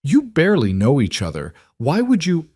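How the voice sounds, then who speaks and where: A man's voice: on the high side, wildly swooping pitch, moderate pace, darkish tone, breathy edge, no room sound, clean studio sound, pitched above the performer's own voice, exaggerated voice. A man voicing a meddling frontier townswoman who pries with indignation. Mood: indignant. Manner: prying, indignant. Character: prim, meddling middle-aged townswoman.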